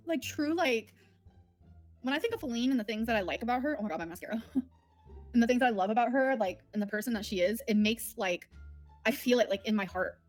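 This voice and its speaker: Woman, higher voice, candid rambling livestream chat, faint music behind. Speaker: livestream host.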